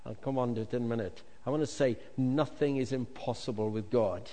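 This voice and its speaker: Pastor preaching in a reverberant hall. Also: male voice, mid-range voice, a little fast. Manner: animated, jokey asides, swings from loud to hushed. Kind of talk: sermon. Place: large hall with congregation. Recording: long reverb of a large hall.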